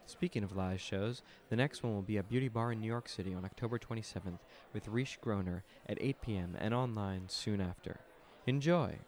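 Low-voiced man with a dry, hushed intro. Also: a little fast, hardly any pauses. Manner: dry, hushed, wry delivery. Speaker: podcast host. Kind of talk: scripted podcast intro. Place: living room.

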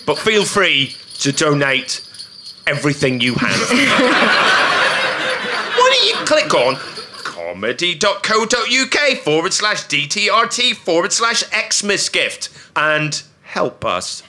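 Swearing comic, high and swooping. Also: male voice, slow pace, a little hiss or hum. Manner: crude, swearing, deadpan jokes. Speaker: comedy panel regular. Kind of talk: joking banter on a comedy panel podcast. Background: live audience laughter.

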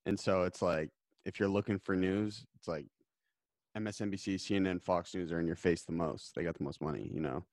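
A man hosts a podcast and asks his questions in a casual, teasing way. His voice is very low. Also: brisk, darkish tone. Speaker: podcast host.

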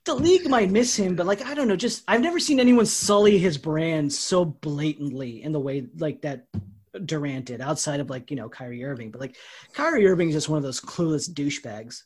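A man co-hosting a casual sports podcast, opinionated and rambling, often trailing off quieter at the ends of his thoughts. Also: on the high side, animated, fairly quick, husky. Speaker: podcast co-host.

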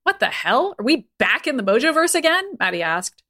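A woman's voice: sits high, very animated, brisk, pushed and bright. Give me a woman podcast host reading a comic story, playful and laughing. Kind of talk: comedic reading of fan fiction.

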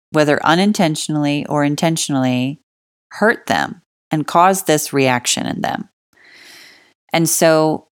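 Woman, low voice, casual advice talk, emphatic, conversational, dry sound. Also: clear, resonant tone, no room sound. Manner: emphatic, stresses key words, acts out example dialogue; conversational fillers like "like" and "you know". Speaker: relationship advice speaker.

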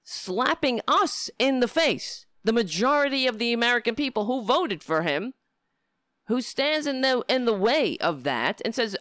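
Middle-aged livestream host, heated profane rant, smooth voice, dry close sound. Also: medium pitch, animated, a little slow, a bit bright, no room sound. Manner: heated, profane political ranting. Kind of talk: casual livestream talk.

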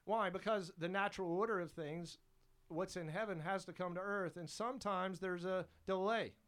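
A man's voice: sits high, steady tone, normal speed, fairly bright tone. A man preaching a sermon as pastor, fervent and emphatic, repeating his exhortations.

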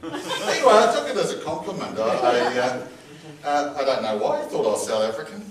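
A man's voice: mid-range voice, big pitch swings, fast. A middle-aged man with a New Zealand accent preaching a sermon, telling jovial stories and laughing often. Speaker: pastor. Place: church hall with congregation. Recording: echoey hall, mic from a distance.

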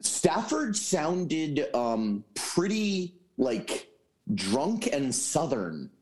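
A man's voice: a little high, very animated, extremely slow, a little mellow. A man co-hosting a casual sports podcast, telling loose stories and swearing freely. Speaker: podcast co-host.

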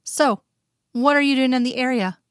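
A woman's voice: high voice, normal speed, clear, resonant tone, no echo, clean studio sound, voice pushed up, close to an everyday voice. A woman reading as a chatty friendly husband. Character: friendly middle-aged husband, chatty and easygoing. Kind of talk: fan fiction reading.

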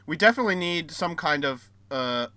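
A man's voice: fairly high pitch, expressive, fairly quick, sharp tone, no echo. An American man in a casual podcast debate, rambling with lots of fillers and restarts. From United States. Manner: rambling, repeats himself, hesitant fillers.

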